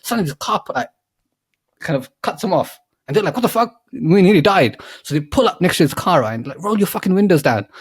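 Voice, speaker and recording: A young man on a podcast, telling a rambling comic movie pitch full of swearing and acted-out lines. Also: big pitch swings, fast, husky, no echo. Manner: swearing, laughing, acting out quoted lines. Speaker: podcast co-host. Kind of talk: rambling comedic story pitch.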